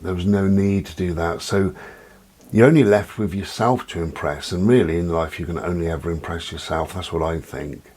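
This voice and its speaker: A man's voice: sits low, normal speed, darkish tone. A man talking frankly in a rambling personal monologue, swearing now and then. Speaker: vlogger.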